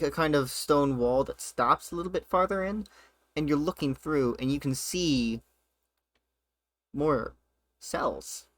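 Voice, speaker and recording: A man narrating a tabletop game as game master, often pausing to search for words. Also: fairly high pitch, a bit bright, dry recording.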